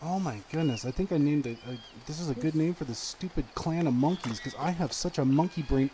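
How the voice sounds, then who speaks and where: A man's voice: on the high side, a little fast, few pauses, background noise. A man streaming a video game, chatting to the characters and yelping in panic when things go wrong, with game sounds audible behind him. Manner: excitable, talks to the game characters, yelps in panic; frequent exclamations and filler words. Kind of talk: live gameplay commentary.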